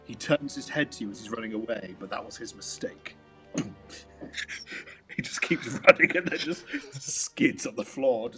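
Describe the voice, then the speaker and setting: A man's voice: medium pitch, animated, normal speed, long pauses, sharp tone, soft background music. A man running a tabletop game as game master, narrating the action and slipping into whispered asides.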